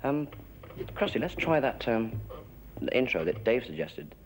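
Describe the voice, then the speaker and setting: A man's voice: mid-range voice, big pitch swings, unhurried, slight background noise, low-quality recording. A man, a jazz musician at rehearsal, hesitant and stumbling over his words.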